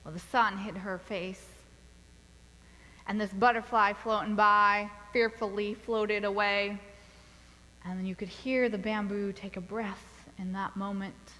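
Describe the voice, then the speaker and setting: A woman pastor preaching a sermon in a church, telling a story in a deliberate, measured way. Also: mid-range voice, steady tone, bright, forceful tone, long reverb tail, rough recording. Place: church sanctuary.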